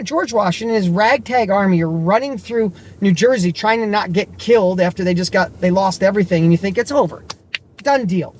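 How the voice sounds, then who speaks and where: Middle-aged male vlogger, high voice, emphatic motivational storyteller, faint noise behind. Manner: excited, rambling, emphatic. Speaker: vlogger and business coach.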